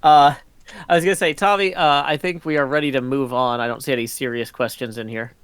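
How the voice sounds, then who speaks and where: A man's voice: medium pitch, fairly even intonation, fairly quick, fairly bright tone, clean tone, no echo. A middle-aged man hosting a community meeting over a voice call, rambling with lots of ums. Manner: rambling, frequent ums, breaks into laughs. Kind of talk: casual meeting chat. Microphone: computer mic on a voice call.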